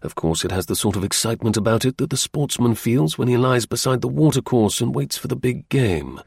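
A man reads a brisk, dry-witted middle-aged detective. His speech is crisp, measured and confident, with a gravelly, husky texture. It sounds dry and close to the mic. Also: mid-range voice, expressive, darkish tone, no room sound. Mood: recounting.

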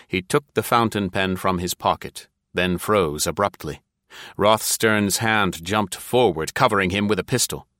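A low-pitched male audiobook narrator reads a scripted adventure story in a measured, even manner. The studio-quality recording has no room sound.

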